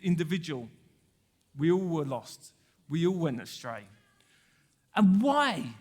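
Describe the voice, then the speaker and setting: Playful high-voiced pastor in an echoey hall. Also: male voice. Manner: playful, chatty, laughs and sings snippets. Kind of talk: sermon. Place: church.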